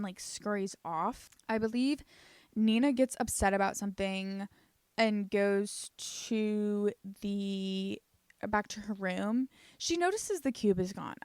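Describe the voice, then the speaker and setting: A woman talking through a show recap in a loose, chatty way. She swears and uses "like" a lot, and her voice sits at a middling pitch. The sound is close and dry, with no room around it. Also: a little mellow, no room sound. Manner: chatty, swears freely, lots of "like" fillers. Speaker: YouTube recap host. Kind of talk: casual comedic show recap.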